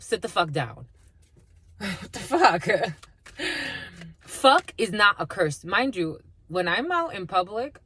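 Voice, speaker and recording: A woman channeling messages for her viewers in a casual video reading, speaking bluntly and swearing freely. Her voice sits fairly low, yet her pitch swings widely as she gets worked up. The sound is dry and close, with no room echo. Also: husky. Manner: blunt, heavy swearing, calls viewers "my lovies"; animated, laughs often mid-sentence. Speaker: spiritual reader and channeler. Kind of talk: casual direct-to-camera reading.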